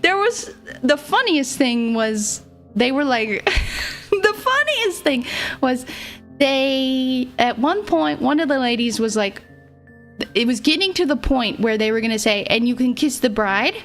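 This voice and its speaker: With faint music playing behind her, a young VTuber streamer rambles through a story for her live chat, speaking a little slowly in a high, animated, fairly bright voice. She giggles a lot, laughs between phrases, and pokes playful, self-deprecating fun at herself.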